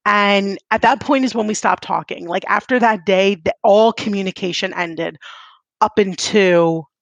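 Podcast co-host woman, dramatic and emphatic, mid-pitch, dry close sound. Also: a little slow, gravelly, no echo, lo-fi sound. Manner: emphatic, dramatic, repeats for effect. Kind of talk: casual storytelling chat.

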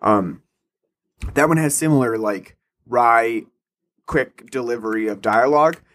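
A man with a mid-pitched voice talks through his views on a film in a relaxed, considered way. He pauses often with fillers as he works out his thoughts. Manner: measured, thoughtful, many fillers. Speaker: podcast co-host. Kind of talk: casual film chat.

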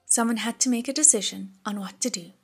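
A woman voicing a gentle young male prince in an audiobook, speaking softly and earnestly. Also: on the high side, brisk, breathy edge. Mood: shaken.

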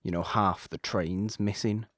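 A man with a very deep, low voice, recorded dry and close. He talks in a meandering way, restarting sentences and changing his mind mid-thought. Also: steady tone, measured pace, no echo. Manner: rambling, restarts, self-correcting. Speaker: podcast co-host. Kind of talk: casual film discussion.

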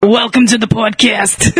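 A woman's voice: on the high side, a bit bright. A young woman hosting a podcast, chatting casually and giggling often. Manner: giggly, chatty, quick to agree. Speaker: podcast host. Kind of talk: casual chat.

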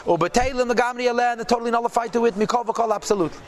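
A man's voice: very high-pitched, rapid-fire. A man teaching a religious text class, reading phrases aloud and translating each, then asking and answering his own questions. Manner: lively teaching with rhetorical "yeah?" and "right?". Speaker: Torah teacher.

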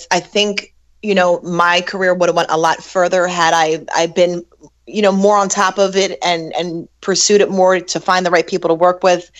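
Chatty middle-aged woman, lowish voice. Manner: chatty, laughs easily, many restarts and fillers. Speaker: guest recording artist. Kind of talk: casual interview chat.

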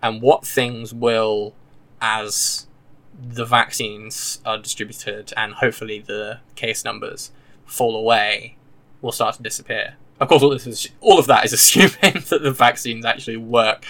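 Male podcast host, crisp bright voice, chatty and digressive. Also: mid-range voice, fairly even intonation. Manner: chatty, digressive, quick to enthuse. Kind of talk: casual podcast chat.

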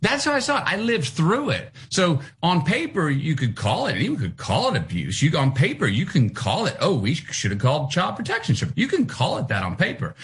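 A middle-aged man with a lilt spins an animated tale, his voice swooping up and down as he acts out the people in it. He sits a touch high in pitch and carries the story with bursts of energy. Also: moderate pace, hardly any pauses. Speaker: guest. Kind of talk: casual interview storytelling.

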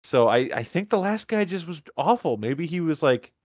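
Lively, wry man with a dry close sound. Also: on the high side, moderate pace, no room sound. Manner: wry, jokey, acts out lines in funny voices. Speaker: podcast co-host. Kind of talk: casual movie rewatch chat.

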